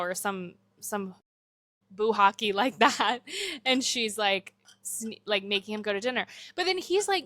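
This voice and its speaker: A woman's voice: on the high side, lively intonation, measured pace, sharp tone, dry recording. A young woman cohosting a podcast, chatting casually about a movie and quoting its characters.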